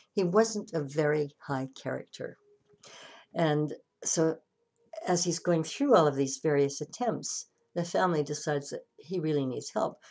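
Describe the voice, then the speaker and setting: Low, gravelly woman minister. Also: dark tone. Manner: conversational storytelling with restarts. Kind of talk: sermon.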